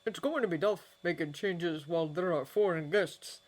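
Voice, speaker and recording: A woman voicing a brisk, sarcastic male wizard investigator in a fanfiction audiobook. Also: on the high side, natural voice. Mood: casual.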